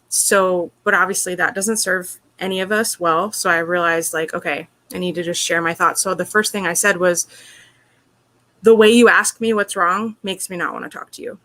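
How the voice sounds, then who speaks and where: A woman's voice: medium pitch, bright, forceful tone. A woman being interviewed, telling a personal story in an earnest, open way, with lots of "like" and "you know". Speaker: interview guest.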